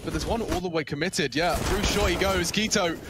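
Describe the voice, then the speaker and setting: A man giving play-by-play esports commentary, excitable and quick to rise at big plays. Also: high voice, background noise.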